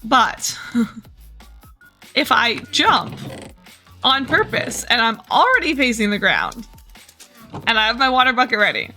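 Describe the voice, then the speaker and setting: A woman's voice: a little high, very animated, slow pace, long pauses, sharp tone, faint music behind. A woman streamer chatting casually and playfully over her gameplay, teasing herself along the way. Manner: playful, chatty, self-mocking.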